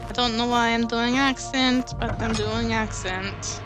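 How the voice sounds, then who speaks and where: This let's play gamer has a voice on the high side, with fairly even intonation and a slightly slow delivery. She chats casually while playing, muttering and humming as she explores, with game music behind her.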